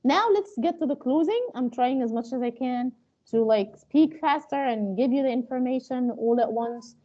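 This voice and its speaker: A woman's voice: high voice, lively intonation, normal speed, dark tone, dull audio. A woman teaching an interpreting class in a loose, spoken lecture style, with many fillers and restarts. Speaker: interpreting instructor. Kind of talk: live online training lecture.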